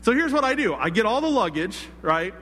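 A man preaching a sermon, telling a personal story in a conversational, animated way with asides to the congregation. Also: high voice, brisk, long reverb tail. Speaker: pastor.

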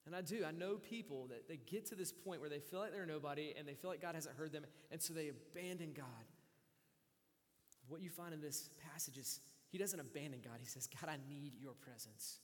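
A man preaching a sermon with passion, voicing a psalmist's pleas, moving between quiet, drawn-out lines and loud, urgent ones. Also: fairly high pitch, long reverb tail. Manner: impassioned, swings from hushed to loud. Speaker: pastor.

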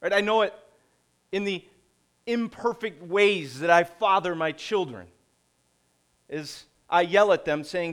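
A middle-aged man preaching a conversational sermon, posing rhetorical questions and pausing deliberately. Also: high-pitched, fairly bright tone, clean tone. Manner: slow, deliberate delivery with pauses. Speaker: pastor.

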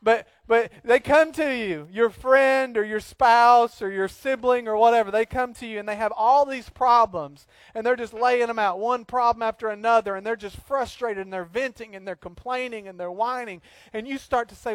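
A man preaching a sermon in an animated, joking way, acting out little scenes between points. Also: extremely high pitch, normal speed, few pauses, clear, resonant tone, no room sound. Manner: animated, jokey preaching with acted-out asides. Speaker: pastor.

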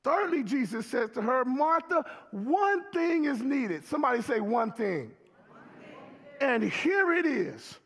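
A man preaching a sermon, with emphatic call-and-response delivery that rises to shouts. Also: very high-pitched, gravelly, slightly rough, long reverb tail. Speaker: pastor.

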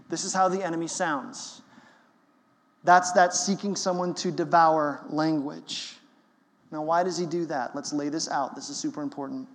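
A man's voice: on the high side, fairly even intonation, moderate pace, in a large hall. A man preaching a sermon as pastor, emphatic and conversational.

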